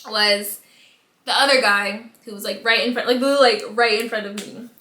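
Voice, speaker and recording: A woman's voice: on the high side, fairly quick. A woman from the United States telling embarrassing stories in a casual storytime vlog, acting out her own reactions with big swings in voice. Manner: animated storytelling with dramatic replayed reactions. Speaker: vlogger. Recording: echoey room.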